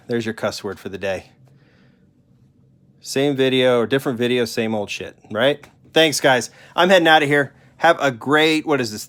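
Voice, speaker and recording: A man's voice: medium pitch, a bit bright. A man hosting a live stream, chatting casually and rambling in a candid, joking way. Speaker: host.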